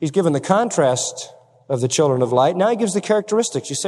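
A man's voice: on the high side, very animated, quick pace, a little mellow, big-room sound. A man preaching a sermon emphatically, asking his congregation rhetorical questions.

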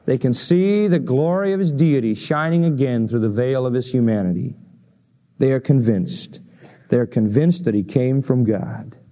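A man preaching a sermon, earnestly explaining a Bible passage and rising to emphatic, lifted phrases on key points. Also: mellow. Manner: earnest, swings to high emphatic pitch on key lines.

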